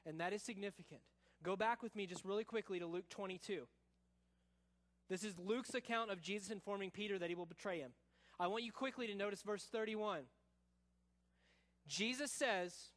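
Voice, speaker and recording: A man preaching a sermon as pastor, explaining scripture with casual asides and dropping soft and low for quoted lines. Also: normal speed, long pauses. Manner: casual asides, says y'all.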